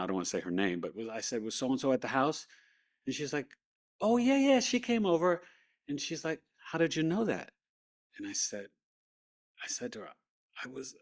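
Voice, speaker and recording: A man recounts a harrowing personal experience in an unscripted, conversational way. He slips into the voices of the people he quotes, sounds animated at times, and speaks at an ordinary mid pitch. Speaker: guest recounting a near-death experience. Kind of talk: personal storytelling.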